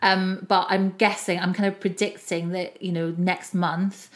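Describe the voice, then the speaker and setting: A woman's voice: lowish voice, level tone, measured pace. A woman, a mother, hosting a casual podcast chat and asking thoughtful, reflective questions.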